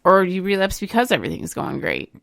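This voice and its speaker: A woman with a low, gravelly voice and some vocal fry, talking on a podcast. She speaks in a measured way and gently scolds, hedging with fillers. The sound is close and dry. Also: wildly swooping pitch, no echo. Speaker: podcast co-host. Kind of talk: casual podcast chat.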